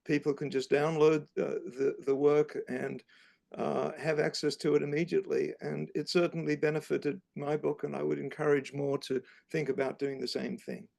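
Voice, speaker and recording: An older man speaking as the author at an online academic talk over a video call, measured and halting with many fillers. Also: a little high, level tone, vocal fry, a little mellow.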